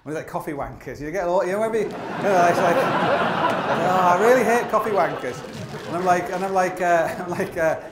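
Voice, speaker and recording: A man's voice: high-pitched, moderate pace, reverberant, over a noisy crowd, heavy background noise. A man telling stories to a live theatre audience, self-deprecating and full of restarts. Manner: rambling, self-deprecating, many restarts and laughs. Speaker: climber telling stories on stage. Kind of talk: live comedic storytelling talk. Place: theatre stage before an audience.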